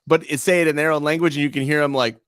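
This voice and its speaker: A man's voice: a little high, steady tone, racing, fairly bright tone, no room sound, clean studio sound. A man co-hosting a podcast in loose, rambling chat, swearing freely and leaning on fillers. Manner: profane, rambling, many fillers. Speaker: podcast co-host.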